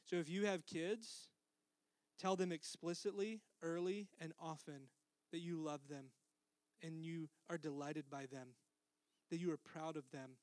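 A middle-aged man preaching a sermon as pastor, earnest, dropping to a soft hush for tender lines. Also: a little high, steady tone, a little slow, no room sound.

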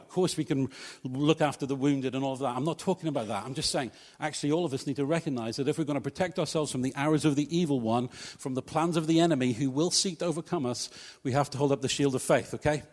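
A man's voice: mid-range voice, quick pace, hardly any pauses, a little mellow, in a large hall. A male pastor preaching a sermon in a church, talking conversationally and joking with the congregation. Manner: conversational, humorous asides to congregation. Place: church hall.

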